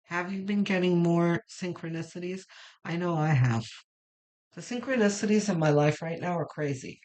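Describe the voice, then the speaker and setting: Woman, middle-aged, tarot reader, lowish voice, rambling casual talk. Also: normal speed, a little mellow. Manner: chatty, meandering, with many fillers. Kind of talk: casual spoken tarot reading.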